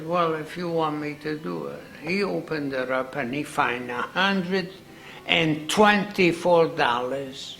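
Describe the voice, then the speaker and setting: Gravelly old man reminiscing slowly. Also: on the high side, bright, forceful tone. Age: 90s. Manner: unhurried, repeats himself, folksy phrasing. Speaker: interviewee, accordion builder. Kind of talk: reminiscing storytelling.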